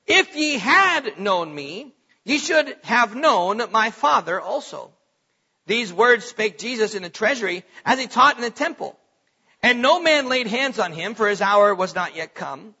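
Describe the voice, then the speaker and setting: High husky man preaching, dull lo-fi recording. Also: pushed and bright. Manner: preaching with bursts of emphasis, reading scripture aloud. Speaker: pastor. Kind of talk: sermon.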